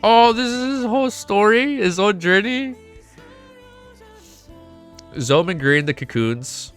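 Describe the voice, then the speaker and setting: A young man streaming a casual reaction, excitable and swearing often, laughing between remarks. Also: sits high, slow pace, clean tone, faint music behind. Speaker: streamer reacting to a web novel. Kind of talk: casual live reaction chat.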